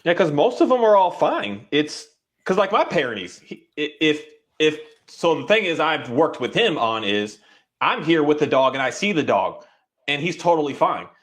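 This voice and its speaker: A man's voice: a little high, sing-song, moderate pace, a bit bright. A man who trains dogs, talking casually and rambling, with many restarts and little voices acted out for dogs. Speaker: dog trainer. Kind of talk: casual conversation.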